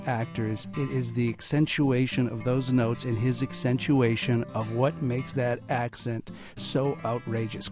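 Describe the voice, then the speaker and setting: A man hosting a public radio talk show, speaking in a measured, announcer-like way. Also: medium pitch. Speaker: radio host.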